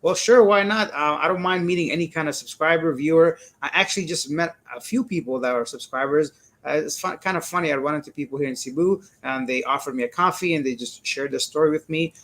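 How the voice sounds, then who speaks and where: A man's voice: fairly high pitch, quick pace, fairly bright tone. Chatty man hosting a live stream. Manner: chatty, laughs often, greets viewers by name. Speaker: livestream host reading chat. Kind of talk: casual live chat. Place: indoors, living in Cebu.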